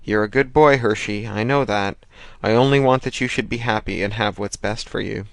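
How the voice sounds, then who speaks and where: A man's voice: on the low side, moderate pace, vocal fry, no room sound. A man reading an audiobook, voicing a worried older mother who frets and dotes on her son. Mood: fretful. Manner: fretful, doting.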